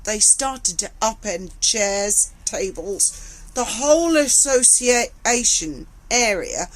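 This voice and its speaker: A middle-aged woman tells a personal story slowly, emotional and halting, often repeating her words. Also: mid-range voice, fairly bright tone, rough recording. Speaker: vlogger recounting her past.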